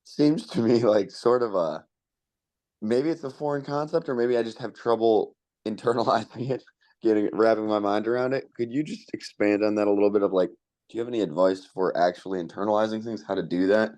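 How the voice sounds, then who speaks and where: A man's voice: on the low side, brisk, darkish tone. A man on a group call asking a polite, searching question.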